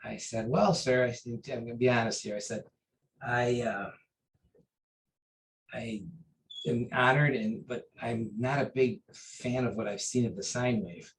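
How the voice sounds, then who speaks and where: A man recounting memories of his teacher in an interview, earnest and halting, with many fillers and restarts. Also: medium pitch, fairly even intonation, slight background noise, low-quality recording. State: briefly choked up. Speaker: interview guest, taekwondo master. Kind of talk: conversational storytelling.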